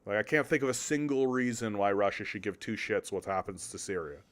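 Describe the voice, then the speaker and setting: A man's voice: lowish voice, expressive, fairly quick. Man from Canada, political commentator, sarcastic, swearing, exasperated rant. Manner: profane, sarcastic, exasperated ranting. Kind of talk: casual political commentary reacting to an article.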